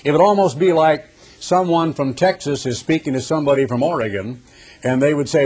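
Husky man preaching a sermon. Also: a little high, a little mellow. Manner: reads scripture slowly and emphatically, then explains conversationally. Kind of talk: sermon with scripture reading.

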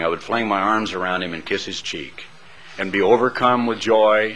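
A man's voice: on the low side, fairly bright tone, rough recording. A man preaching a sermon who tells Bible stories dramatically and stresses his points hard. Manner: dramatic storytelling, emphatic.

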